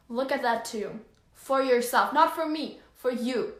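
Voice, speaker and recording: A woman hosts a motivational live stream in a gushing, effusive manner and is quick to tears. Her voice sits fairly high. The room adds a noticeable echo. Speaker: life coach host.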